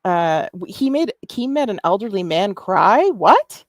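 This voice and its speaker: A woman's voice: medium pitch, very animated, measured pace, no echo. Woman host chatting loose and sweary, keeps restarting, dry close sound. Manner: profane, rambling, trails off and restarts. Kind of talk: casual chat.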